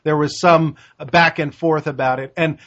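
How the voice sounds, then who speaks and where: A man with a high voice co-hosts a laid-back film review chat. He is animated, jumping into quick character impressions as he retells scenes. The recording sounds a bit dull and lo-fi. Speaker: podcast co-host. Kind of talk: casual movie review chat.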